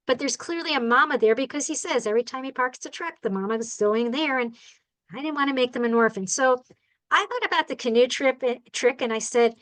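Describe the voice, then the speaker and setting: Talking fast, a high-voiced woman who rehabilitates birds tells lively stories to a club, acting out both people and birds. She keeps it chatty, checking in with "all right?", and the recording is rough.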